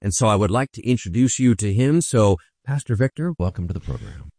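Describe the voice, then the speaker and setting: A man's voice: lowish voice, lively intonation, a little fast, darkish tone, no room sound, clean studio sound. A man, a pastor, hosting a faith program and encouraging his guest with affirming questions. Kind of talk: interview hosting.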